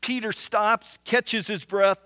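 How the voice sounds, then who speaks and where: Man, pastor, sermon, high voice, earnest, dry close sound. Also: fairly even intonation, bright, forceful tone, no echo. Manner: earnest, with frequent restarts and slow emphatic repetition.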